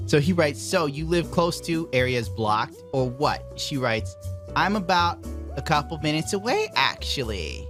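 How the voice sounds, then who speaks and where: A man's voice: fairly high pitch, expressive, moderate pace, a bit bright, soft background music. Laughing, incredulous young-sounding man. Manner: laughing, incredulous, reads messages aloud in mocking voices. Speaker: streamer reacting to dating-app messages. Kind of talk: casual reaction commentary.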